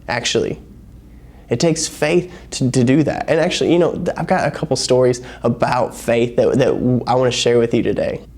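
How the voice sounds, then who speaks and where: A young man preaching to a youth group in a casual, storytelling way, acting out the people in his stories. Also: medium pitch. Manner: casual, animated storytelling with acted-out quotes. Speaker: youth pastor. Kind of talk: sermon.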